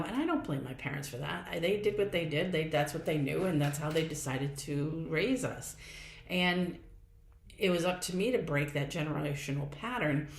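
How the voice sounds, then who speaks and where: A middle-aged woman with a low voice hosts her own podcast in a casual, reflective monologue. She talks earnestly and loosely, circling back with fillers and repeated phrases. The sound carries a noticeable room echo. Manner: earnest, conversational, repeats herself with many fillers. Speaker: podcast host.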